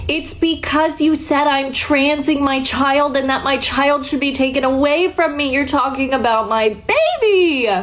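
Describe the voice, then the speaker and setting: A woman reading her prepared statement to camera in a measured, firm way. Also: sits high, fairly bright tone. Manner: measured, firm, then heated.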